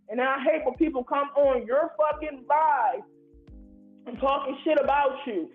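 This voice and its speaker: A man from Ohio calls in and rants in a heated, profane, rambling way. His voice sits very high. It comes through a tinny, echoey phone line. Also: normal speed, faint music behind. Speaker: caller. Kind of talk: angry call-in rant. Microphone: phone call.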